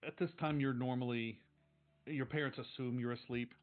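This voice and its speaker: A man runs a tabletop role-playing game, describing the scene in a loose, halting way with plenty of fillers. His voice comes through a thin, phone-like line with faint music underneath. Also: mid-range voice. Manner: relaxed, halting narration with many fillers. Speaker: game master. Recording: tinny phone-like stream audio with faint music.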